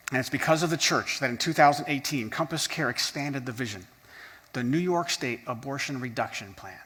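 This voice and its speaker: A man's voice: fairly high pitch, fairly bright tone, in a large hall. A man giving an emphatic fundraising speech as a ministry speaker, building each point with the same repeated opening.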